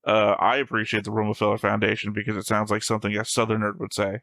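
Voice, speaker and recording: A man's voice: on the low side, monotone, fast talker, fairly bright tone, no echo. A man co-hosting an anime reaction show, chatting casually and reading his notes in a dry, contrarian way.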